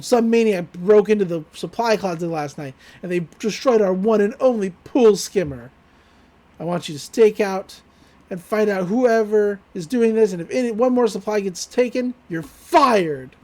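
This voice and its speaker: A woman voicing a furious male pool manager who shouts clipped orders while close to tears. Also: mid-range voice, normal speed, lightly acted.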